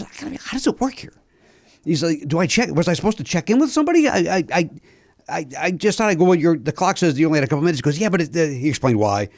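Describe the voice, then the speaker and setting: A podcast host with a slightly high voice tells a story in casual chat, animatedly acting out the dialogue and swearing. The recording is dry and of studio quality.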